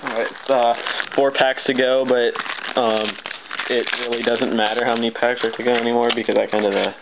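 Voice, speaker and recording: A man talks through opening card packs, excitable and stammering, often apologizing as he goes. His voice sits at an ordinary pitch for a man. The recording is thin and phone-like, with a loud hiss underneath. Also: a little fast, vocal fry. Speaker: card pack opener. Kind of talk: unboxing commentary.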